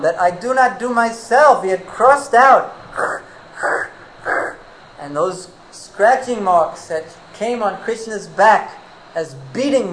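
A man preaching a devotional sermon, an animated storyteller who weaves in Sanskrit terms. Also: sits high, a little hiss or hum, rough recording.

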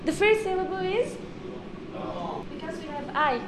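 A woman teaching a live class on pronunciation, patiently correcting and repeating words slowly and precisely. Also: very high voice, very noisy.

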